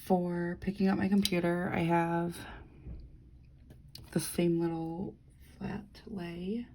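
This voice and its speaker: Lowish gravelly woman rambling on, lots of "like"s, swears a bit, chill planner vlog chat. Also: flat delivery, measured pace, warm tone, rough recording. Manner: rambling storytelling, heavy "like" fillers, swears freely. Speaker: planner vlogger. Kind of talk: casual chat while decorating a planner.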